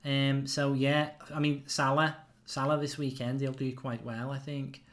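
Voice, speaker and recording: A man hosting a football fan channel, giving opinionated predictions in casual live-stream chat, animated and full of fillers. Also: mid-range voice, measured pace.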